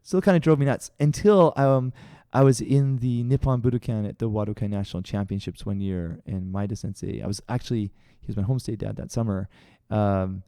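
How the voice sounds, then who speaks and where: A Canadian co-host on a podcast speaks in a lowish, clean voice, fairly quick and with hardly any pauses. He's animated in the casual chat, telling stories, acting out quoted voices, and laughing often, on a dry, studio-quality recording.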